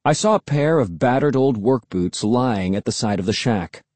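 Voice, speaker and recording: A man reads a first-person adventure story with plenty of expression, his voice husky and his pitch swinging widely. He drops into a hush when things turn tense. The recording is close and dry, with no room sound. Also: normal speed, no echo. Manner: expressive, hushed for suspense, raised for shouts. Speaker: audiobook narrator.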